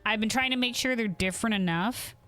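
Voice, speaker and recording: A woman's voice: on the high side, brisk, fairly bright tone, faint music behind. A young woman streaming a video game, chatting casually; she laughs often, swears, and restarts her sentences as she rambles. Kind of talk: casual live-stream chat.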